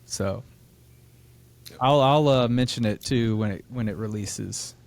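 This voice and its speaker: A man co-hosting a podcast, with a Midwestern American accent, telling a story in a relaxed way and laughing easily. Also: mid-range voice, unhurried, vocal fry, dry recording. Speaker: podcast co-host. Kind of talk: casual podcast chat.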